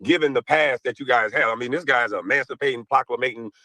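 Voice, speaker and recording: A man on an online panel calmly and persistently lecturing the hosts in a heated debate. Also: mid-range voice, fast, no echo, poor audio. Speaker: panel guest.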